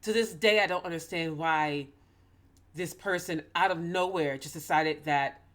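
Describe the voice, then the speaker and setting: A woman's voice: sits low, unhurried, a bit bright. A woman in ministry telling a personal story to her audience, earnest and emotional, close to tears as she speaks. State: holding back tears. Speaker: ministry host. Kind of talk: personal talk to camera.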